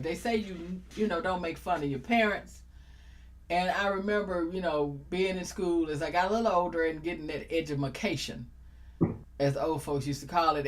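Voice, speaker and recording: A middle-aged woman hosting a casual talk show, exuberant and joking, speaking. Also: on the low side. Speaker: host.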